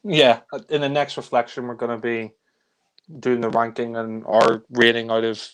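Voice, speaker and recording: A man's voice: mid-range voice, flat delivery, normal speed, fairly bright tone, clean tone. A young man ranting in exasperation about a film he hates, swearing often in a casual review chat.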